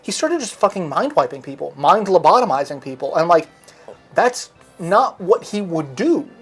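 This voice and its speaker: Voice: mid-range voice, sing-song, moderate pace, breathy edge, faint music behind. A livestream host in casual chat, retelling comic book plots in a loose, rambling way with plenty of swearing. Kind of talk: casual chat while streaming a game.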